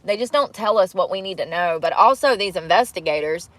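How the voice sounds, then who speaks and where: A woman's voice: fairly low pitch, expressive, a little fast, no echo. A woman hosting a casual livestream, talking bluntly to her chat, swearing freely and laughing often. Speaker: livestream host. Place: in a vehicle.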